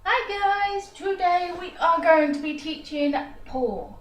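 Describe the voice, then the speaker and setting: A woman's voice: very high-pitched, slow, hardly any pauses, music in the background. A woman teaching a dog trick in a chatty tutorial, breaking off to coo praise at her dog. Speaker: dog trainer. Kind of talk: casual how-to tutorial. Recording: echoey room, voice far from the mic.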